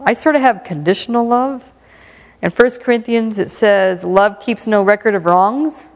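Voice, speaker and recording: A woman's voice: medium pitch, normal speed, gravelly. A woman preaching a sermon in a conversational, emphatic way, with playful asides. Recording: long reverb of a hall.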